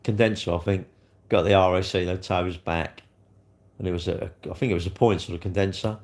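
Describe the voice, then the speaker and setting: A man's voice: sits low, fairly even intonation, brisk, a little mellow. A middle-aged man, rambling casually on a live stream, swearing freely and answering viewer comments. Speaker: livestreamer.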